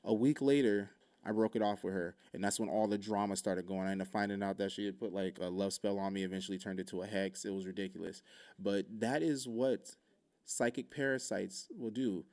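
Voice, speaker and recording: Man, podcast host, gravelly voice, casual profane storytelling, lots of fillers. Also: fairly low pitch, a little fast, darkish tone. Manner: loose and profane, full of "like" fillers.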